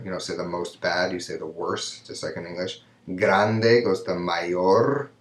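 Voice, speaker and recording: A man teaching a recorded grammar lesson, explaining step by step and often checking in with "right?". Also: low voice. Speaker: Spanish teacher. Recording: echoey room.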